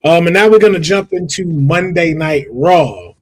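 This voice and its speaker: A man hosting a wrestling podcast, talking in an animated, emphatic, slangy way in casual chat. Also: fairly high pitch, moderate pace, slightly rough. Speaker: podcast host.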